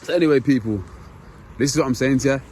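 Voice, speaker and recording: A man's voice: medium pitch, fast talker, darkish tone. A young British man vlogging outdoors, ranting in frustration and addressing his viewers directly in slang. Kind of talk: ranting to camera. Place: outdoors by a vehicle impound. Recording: outdoor street noise.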